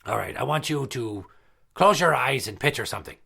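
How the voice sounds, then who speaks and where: A man's voice: mid-range voice, animated, fairly quick, gravelly, sharp tone, slightly rough, exaggerated voice. A man voicing a crude, boastful male pirate party entertainer who tells profane stories in a comedy podcast skit. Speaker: regular character.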